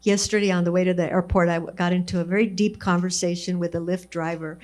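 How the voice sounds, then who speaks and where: A woman's voice: fairly low pitch, steady tone, quick pace, a little mellow. A woman in her seventies, originally from Texas, speaks as an alumna guest at a fireside chat. She tells stories and gives students earnest, encouraging advice. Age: 70s.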